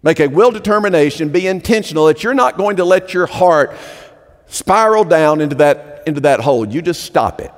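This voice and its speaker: A male pastor preaching a sermon in a church, emphatic and animated, often repeating phrases as he presses a point. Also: a little high, moderate pace. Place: church sanctuary. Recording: long hall reverb.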